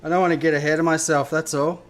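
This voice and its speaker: An Australian man with a slightly raised voice rambles through a casual live cooking stream, tossing out friendly greetings and easy swearing. He sounds like he is at home in his own kitchen, with soft music playing underneath. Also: a little high, level tone, fast talker. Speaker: cooking show host.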